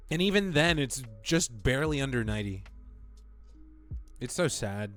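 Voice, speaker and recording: A man's voice: medium pitch, lively intonation, normal speed, fairly bright tone, soft background music. A young man casually chatting with his stream viewers, rambling and playful. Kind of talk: casual live-stream chat.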